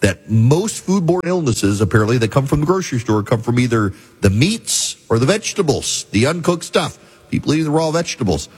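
Middle-aged male host, husky voice, wry emphatic monologue. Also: mid-range voice, big pitch swings, a little fast. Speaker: talk radio host. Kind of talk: talk show monologue.

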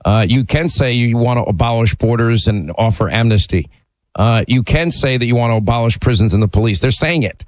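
A man's voice: medium pitch, brisk, no room sound, low-quality recording. Radio host guy, blunt and pushy, restarts a lot, dry mic. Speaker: radio talk show host. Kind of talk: talk radio call-in.

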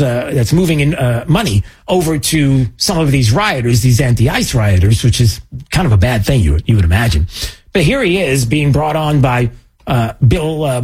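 Sarcastic host, husky lively voice. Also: male voice, medium pitch. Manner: sarcastic, mocking asides, many fillers. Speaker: political commentary host. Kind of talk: conservative political commentary.

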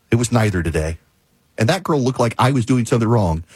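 Here a talk show host talks fast and animatedly, his voice a little mellow with a breathy edge and no room sound. His storytelling monologue is a casual rant full of exasperation and emphatic repetition, punctuated by mid-sentence laughter and shrill exclamations.

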